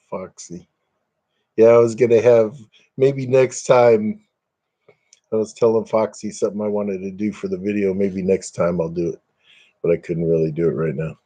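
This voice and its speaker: A man's voice: on the low side, fairly even intonation, moderate pace, long pauses, dark tone. An older man chatting casually on a webcam live stream at home, rambling and self-deprecating, chuckling often.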